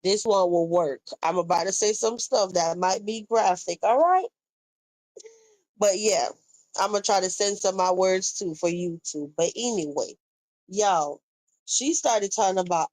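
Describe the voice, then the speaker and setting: Young woman talking gossip on her live, answering chat, mid pitch, dry close mic. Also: measured pace, a little mellow, no echo, low-quality recording. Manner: chatty, reacting to viewer comments and retelling gossip. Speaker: livestream host. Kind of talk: casual live-stream commentary.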